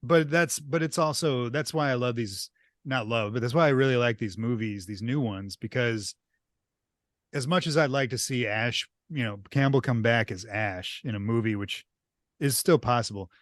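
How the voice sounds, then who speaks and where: A man co-hosts a casual podcast, speaking at an average middle pitch. He is easygoing and agreeable, dropping quick interjections as he talks movies. His voice is dry and close, without room echo. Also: a bit bright. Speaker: podcast co-host. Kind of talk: casual chat about horror movies.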